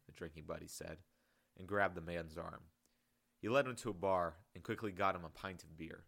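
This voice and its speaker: A man reading his own novel aloud in a calm, measured audiobook narration. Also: deep voice, gravelly.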